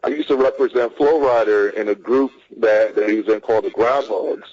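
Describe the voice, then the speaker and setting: A man talking as a guest in a casual interview, relaxed and measured, with many fillers. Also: lowish voice, dull audio. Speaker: guest, entertainment manager.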